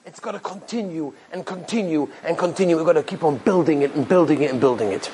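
A male rabbi telling an inspirational story in an animated way, repeating phrases for emphasis. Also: on the high side, fast, low-quality recording.

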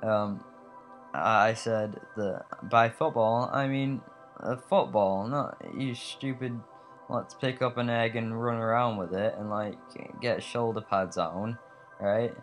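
A man with an English accent that carries a slight American tinge, talking over gameplay in a low voice. He rambles from tangent to tangent, full of fillers, while faint music plays behind him. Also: fairly even intonation, slow pace, fairly bright tone. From England. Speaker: let's play host.

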